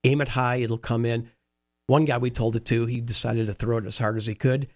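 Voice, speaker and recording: Man telling lively stories, dry sound. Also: mid-range voice, fairly quick, dry recording. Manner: animated anecdotes with quoted dialogue. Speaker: interview guest, former baseball team staffer. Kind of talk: storytelling conversation.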